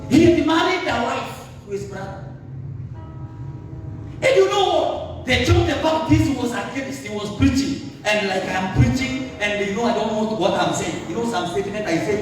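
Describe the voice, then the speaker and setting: A Kenyan man preaches with a high, swooping voice, slipping between English and Swahili phrases. His voice rings through a church hall and sounds a little distant from the mic. Soft music plays faintly underneath. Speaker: pastor. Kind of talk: sermon.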